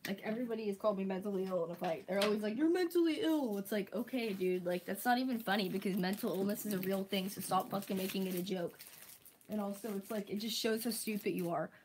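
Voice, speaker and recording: A young woman talks straight to the camera in a casual, mid-pitched rant. She swears freely, packs her sentences with "like", and slips into goofy mocking voices when quoting the people annoying her. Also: steady tone, fast, a little mellow, a little hiss or hum, low-quality recording. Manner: exasperated, profane, heavy use of "like", mocking impressions of critics. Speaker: vlogger. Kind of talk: casual ranting monologue.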